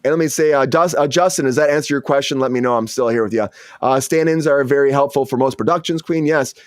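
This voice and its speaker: A man's voice: quick pace, dry recording, clean studio sound. A man, an actor hosting the show, chatting casually and acting out quotes from his stories in a raised voice. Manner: animated storyteller, acts out quotes in high voice. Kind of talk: casual chat.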